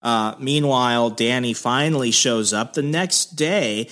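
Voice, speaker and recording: A man hosting a podcast, retelling a plot in a casual, rambling way. He fills his sentences with "like" and "um" and keeps restarting them. His voice sits at an ordinary, mid-range pitch for a man. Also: moderate pace, few pauses, fairly bright tone. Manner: rambling, loose storytelling with many fillers. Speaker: podcast host. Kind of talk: casual comic recap.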